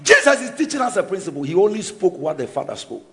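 Animated preacher man, lively and shouting. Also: high voice, fast talker. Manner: animated, shouting, mocking voices. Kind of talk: sermon.

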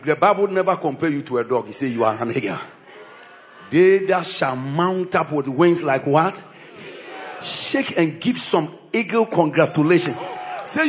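A man preaching a sermon, impassioned, often shouting with sing-song cadences. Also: on the high side, animated, moderate pace, some chatter behind, a little hiss or hum.

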